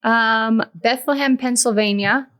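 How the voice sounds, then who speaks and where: A woman's voice: on the high side, a little slow, fairly bright tone. Chatty woman co-hosting a podcast. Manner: chatty, reads from notes, playful. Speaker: podcast co-host. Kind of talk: casual chat.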